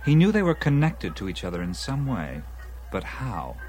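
A man's voice: medium pitch, big pitch swings, moderate pace, a little mellow, lightly acted, rough recording. A man playing an eager dinner guest who lectures at length about ancient mysteries, often between bites of food. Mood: lecturing. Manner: eager lecturing, talks while eating. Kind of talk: film dialogue.

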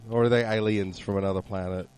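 A man's voice: fairly low pitch, steady tone, fast talker, a little mellow. A man with an Australian accent in casual radio chat, dry and jokey, telling anecdotes.

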